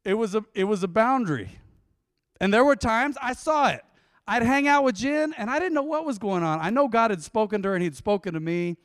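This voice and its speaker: A man, preaching a sermon as pastor and acting out conversations in a lively storytelling way. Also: high-pitched, brisk, clean tone, no room sound, studio quality.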